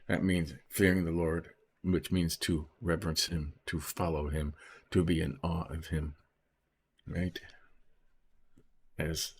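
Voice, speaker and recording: A man's voice: sits low, breathy edge. A man reading Bible verses aloud and explaining them in a casual teaching manner, often checking in with "right?" and "okay?". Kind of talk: informal Bible study commentary.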